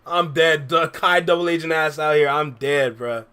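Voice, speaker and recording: A man's voice: on the high side, normal speed, pushed and bright, clear, resonant tone. A young man casually chatting with his viewers on a livestream, laid-back and full of slang, reading out and answering chat messages. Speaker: reaction streamer.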